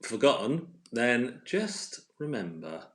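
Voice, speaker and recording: A man's voice: medium pitch, big pitch swings, slow pace, fairly bright tone. Playful man hosting a live quiz. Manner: chatty and playful, laughs often. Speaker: quiz host. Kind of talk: casual live-stream quiz chat. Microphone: phone.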